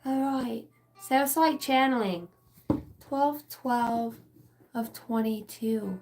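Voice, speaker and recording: Woman, 30s, tarot channeler, casual and profane, slightly high voice, soft music underneath. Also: takes it slowly, rough recording. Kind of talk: live tarot reading.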